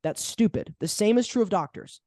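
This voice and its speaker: A man hosting a podcast, telling a story in an animated, heated way, with loud mocking outbursts and low asides. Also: fairly quick, no room sound, clean studio sound. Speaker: podcast host.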